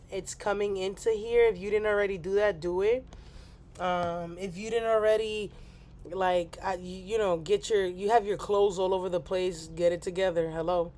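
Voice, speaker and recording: A woman hosting a casual astrology livestream, rambling and playful, with apologetic asides. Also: medium pitch.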